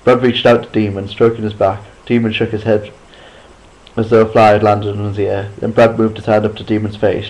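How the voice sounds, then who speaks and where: A man reading a chapter book aloud at a steady pace, sometimes restarting a line after a slip. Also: lowish voice, a little fast, highs cut off. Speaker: reader. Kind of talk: amateur audiobook reading.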